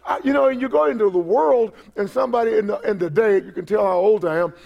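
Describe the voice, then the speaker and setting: An older male pastor delivers a sermon in a notably high voice with a gravelly edge. He halts and repeats words as he works through the text, then swells into emphatic exhortation to the congregation. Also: fast talker, dull audio. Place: church service.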